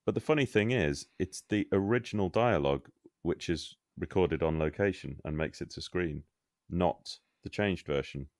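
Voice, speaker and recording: Very deep-voiced man, podcast chat. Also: a little mellow, no room sound, studio quality. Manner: measured, curious, explains things step by step. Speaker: podcast co-host. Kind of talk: casual discussion.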